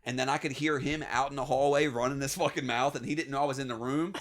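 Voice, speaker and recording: A man hosting a podcast, telling wild stories from his youth in a casual, swearing, animated way. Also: medium pitch, quick pace. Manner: profane, animated anecdote-telling with laughs. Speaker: podcast host. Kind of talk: casual storytelling.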